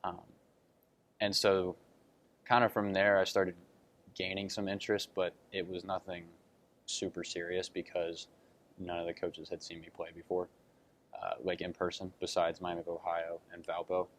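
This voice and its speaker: A man's voice: low-pitched, completely flat delivery, moderate pace, a bit bright, a little hiss or hum. A young man answering interview questions about being recruited, telling his story earnestly with lots of fillers and retold quotes. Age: young adult. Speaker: college basketball recruit.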